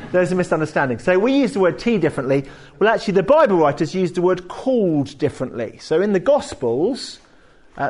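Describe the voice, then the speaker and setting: A man preaching a sermon in a church hall, conversational and animated, explaining with homely asides. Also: fairly high pitch. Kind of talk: sermon with anecdotes.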